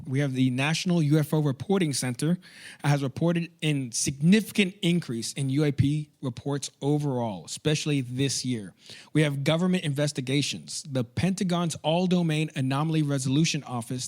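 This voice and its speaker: A man's voice: a little high, darkish tone. A man hosting a live comedy podcast, reading out news notes in a listing way and breaking into laughing asides. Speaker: podcast host.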